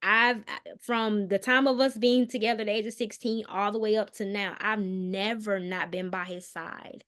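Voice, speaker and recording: Brief: woman guest, mid-pitched, earnest and halting, lots of "um"s, goes quiet on hard moments. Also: fairly even intonation. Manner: earnest, hesitant, many "um"s and restarts; soft and subdued on painful details. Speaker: guest, mental health counselor. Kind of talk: personal storytelling in a podcast interview.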